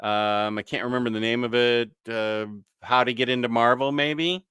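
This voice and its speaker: Bright, clear-voiced man hosting a stream. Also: medium pitch, steady tone, moderate pace, no echo, clean studio sound. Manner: easygoing, chatty, with frequent fillers and mild self-corrections. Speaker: live stream host. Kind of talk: casual live-stream chat, reading viewer comments.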